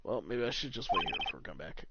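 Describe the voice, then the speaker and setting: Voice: mid-range voice, very animated, quick pace, heavy background noise. A streamer casually commenting and reading game dialogue aloud, muttering self-mocking asides and swearing. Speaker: gameplay streamer. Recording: dull lo-fi stream audio. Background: loud game music.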